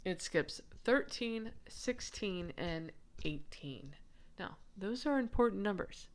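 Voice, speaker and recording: Speaking slowly in a medium-pitched voice with lively intonation, a woman researcher gives a chatty, casual lesson on a manuscript and her findings. She giggles, rambles and stops to respond to comments from viewers.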